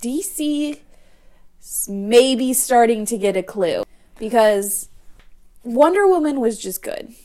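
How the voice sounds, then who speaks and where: Woman podcast co-host, kinda high voice, blunt and swears a lot, playful. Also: expressive, unhurried, dark tone. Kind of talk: casual chat.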